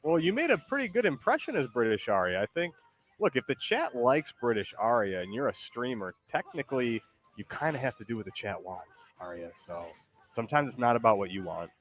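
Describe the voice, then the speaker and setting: A man's voice: medium pitch, big pitch swings, fairly quick. A man hosting a stream in casual chat, loose and teasing, with lots of likes and ums. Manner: loose, rambling, teasing, many fillers. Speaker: streamer host.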